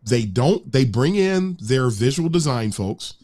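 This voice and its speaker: A man's voice: mid-range voice, animated, a little slow, a little mellow. Brief: male panelist and UX practitioner, earnest and candid, casual delivery with small stumbles. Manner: earnest, frank, some stumbles. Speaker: UX practitioner, podcaster.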